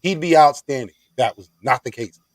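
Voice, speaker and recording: A man's voice: medium pitch, moderate pace, no echo, low-quality recording. A man hosting a casual sports podcast, playful and self-mocking as he leads the talk. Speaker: podcast host.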